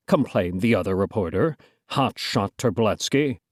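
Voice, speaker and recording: A woman's voice: extremely low pitch, huge pitch swings, slow, darkish tone, no room sound, studio quality. A woman reading a children's storybook aloud, playful, with joking asides to listeners.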